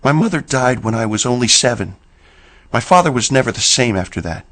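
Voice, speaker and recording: A man's voice: medium pitch, expressive, a little fast, a bit bright, lightly acted. A man voicing a frightened, grieving teenage ghost girl with a Southern accent, tearful and pleading. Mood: mournful.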